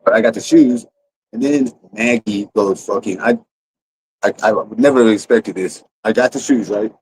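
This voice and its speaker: A man's voice: on the low side, normal speed, a little mellow, slight background noise, poor audio. A man telling a rambling, profane story to his livestream audience in a casual way, full of restarts. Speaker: streamer.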